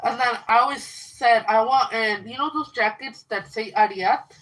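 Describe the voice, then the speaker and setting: A woman's voice: fairly high pitch, a bit bright, poor audio. A teenage girl ranting angrily on a livestream, swearing a lot and retelling a fight with a friend. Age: teens. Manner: angry, profane, fast ranting storytelling. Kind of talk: livestream rant.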